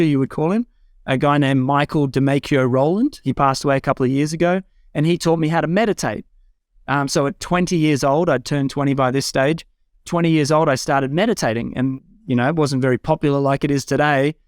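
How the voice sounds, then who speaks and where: Set in a home room with a bookshelf, this dry, clean studio-quality clip features a fairly high-pitched male guest from Australia in his forties. He recounts his personal life story conversationally, speaking earnestly and frankly and breaking into excited self-quotes now and then.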